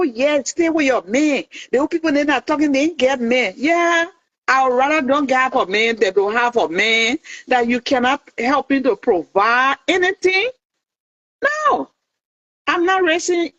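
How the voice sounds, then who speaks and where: A woman's voice: sits high, fairly bright tone, no room sound. A woman calling in to a talk show, talking in a passionate, opinionated way with many restarts. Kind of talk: casual chat. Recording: dull lo-fi dry sound.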